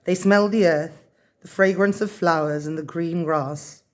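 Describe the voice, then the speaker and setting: A woman reading a children's story aloud in a gentle, even storybook manner. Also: fairly low pitch, normal speed.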